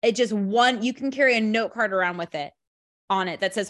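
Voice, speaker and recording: A woman's voice: medium pitch, a little fast, fairly bright tone. A woman coaching a group on a call, emphatic and chatty, leaning on "literally" and "like" and often restarting.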